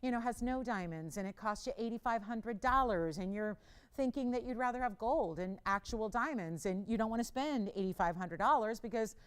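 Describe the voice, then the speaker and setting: A middle-aged woman hosting a live jewelry shopping show, giving a chatty, urgent sales pitch and bantering with her crew. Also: normal speed, smooth.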